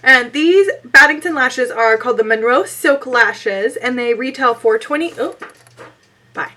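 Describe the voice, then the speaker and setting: Young woman, hoarse, losing voice, high-pitched, chatty, giggly, casual unboxing talk. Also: a little slow, sharp tone. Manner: chatty and giggly, rambling asides. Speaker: beauty vlogger.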